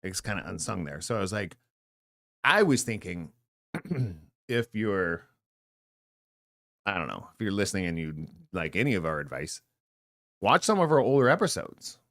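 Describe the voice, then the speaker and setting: A man's voice: deep voice, very animated, moderate pace, pauses often, fairly bright tone, no echo, clean studio sound. Rambling, jokey man co-hosting a podcast. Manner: rambling, jokey, trails off mid-thought. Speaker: podcast co-host. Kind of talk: casual chat.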